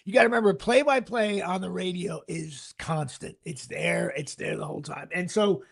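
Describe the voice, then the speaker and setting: A man hosting a casual sports podcast, rambling excitedly and tripping over his words. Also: high-pitched, moderate pace, gravelly, breathy edge. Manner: rambling, excitable, stumbles and restarts. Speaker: podcast host.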